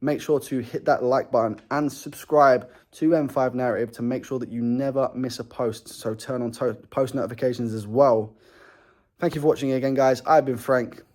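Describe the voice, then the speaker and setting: A young man giving a casual, opinionated reaction to a football match from a small studio, with loud excited bursts. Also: mid-range voice, normal speed. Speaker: football fan reviewer.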